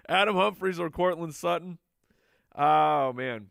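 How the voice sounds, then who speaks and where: A man's voice: medium pitch, a little slow, fairly bright tone, clean tone, no echo, clean studio sound. A man answering viewer questions on a live show in a playful, chatty way, joking with the crew and laughing often. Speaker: fantasy football analyst answering viewer questions. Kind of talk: casual live Q&A.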